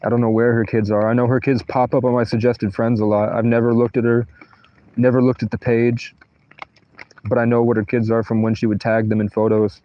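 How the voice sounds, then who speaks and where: Speaking briskly in a mid-range voice with a level tone, a man streams live from a tent in a thunderstorm. He drifts from one personal story to the next, cursing and letting sentences trail off. Lo-fi audio.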